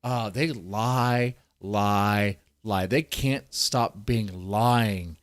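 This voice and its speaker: A man's voice: fairly low pitch, very slow, no room sound, studio quality. A man ranting in heated, profane political commentary, swearing often and reading articles aloud between outbursts.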